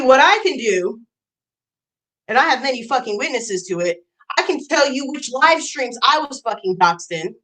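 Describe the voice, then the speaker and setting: High, lively, heated ranting woman. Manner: heated, profane, repeats lines for emphasis. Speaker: YouTube streamer. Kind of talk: angry ranting livestream.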